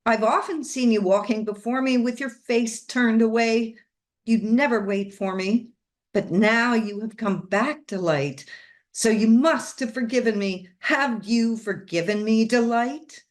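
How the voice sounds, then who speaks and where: A woman's voice: on the high side, a little slow, pitched above the performer's own voice, close to an everyday voice. A woman reading aloud and voicing an unhinged, grieving older woman who speaks passionately and entreatingly. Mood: pleading. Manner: passionate, entreating, a little wild. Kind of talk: storybook reading.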